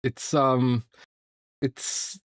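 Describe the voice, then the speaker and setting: A man's voice: medium pitch, little pitch movement, very slow, clear, resonant tone, no echo. A British man hosting a podcast in a casual, jokey way, rambling with plenty of restarts and fillers. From Britain. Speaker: podcast host.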